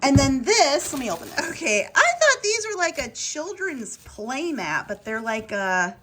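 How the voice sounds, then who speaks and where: A woman's voice: sits high, sing-song, unhurried, noisy background. A woman vlogging casually from her home kitchen, rambling and thinking aloud as she talks. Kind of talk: casual home vlog chat.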